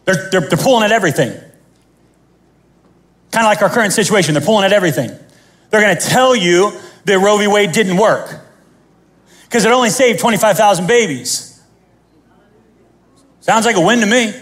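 A man preaching a sermon as pastor, animated and joking, acting out the scenes he tells. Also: high voice, normal speed, long pauses.

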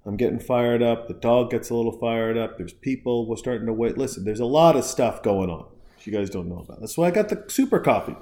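A podcast host from the United States launches into an early-morning solo rant, his medium-pitched, warm voice expressive and a little fast. He swears freely and gets fired up, rambling and restarting his sentences in a casual ranting monologue.

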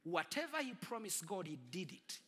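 A man preaching a storytelling sermon, dramatic and husky, swinging from booming to hushed. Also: sing-song, moderate pace. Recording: long reverb of a large hall.

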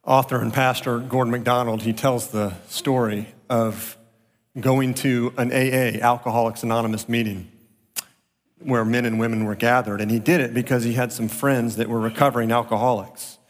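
A man's voice: medium pitch, little pitch movement, moderate pace, long reverb tail. A man preaching a sermon as pastor, telling stories earnestly and repeating phrases for emphasis.

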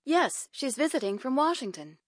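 An actress playing a friendly wife and teacher who answers the phone in a scripted language-lesson dialogue. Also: female voice, high-pitched, sing-song, normal speed, dry recording, clean studio sound. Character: young wife and evening teacher.

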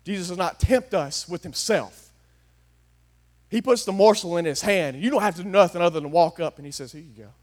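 A man delivers a sermon in a notably high voice. He talks folksy and plain, dropping to quiet confiding asides and then rising to loud, emphatic declarations. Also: a little fast. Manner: folksy, swings from hushed to shouting. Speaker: pastor.

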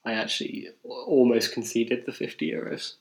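A young man from England tells a long story on a casual podcast. He rambles and mocks himself, with plenty of fillers, restarts and false starts. His voice sits at an ordinary middle pitch. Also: normal speed, rough recording. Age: young adult. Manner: rambling, self-mocking, with many restarts and fillers. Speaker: podcast co-host.

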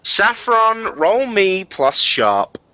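Slow-talking game master. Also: male voice, high voice, very animated, pushed and bright, clean tone, dry recording. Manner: loose, hesitant with fillers, casual swearing. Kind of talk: narrating a tabletop game.

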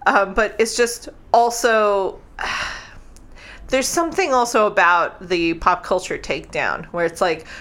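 A woman's voice: medium pitch, slow, a bit bright. A woman co-hosting a podcast in casual chat, rambling with lots of fillers and laughing easily. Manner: chatty, full of "like" fillers, laughs often. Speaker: podcast co-host.

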